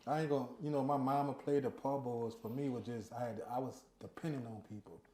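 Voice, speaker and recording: A man chatting casually as an interview guest, halting and restarting his sentences. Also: mid-range voice, steady tone, dark tone. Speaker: guest, former prisoner. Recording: roomy echo.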